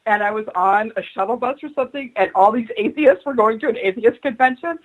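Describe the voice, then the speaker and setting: Animated woman telling a story. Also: fairly high pitch, brisk, rough recording. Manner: animated storyteller acting out quoted voices. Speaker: guest, spiritual advisor. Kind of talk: radio interview storytelling.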